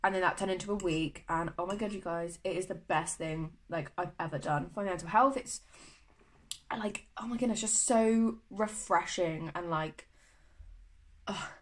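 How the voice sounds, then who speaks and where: A woman's voice: fairly low pitch, normal speed, poor audio. Young uk woman vlogging, gushy chatty, lots of likes and ums. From United Kingdom. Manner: gushing, chatty, lots of fillers. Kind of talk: casual chat to camera.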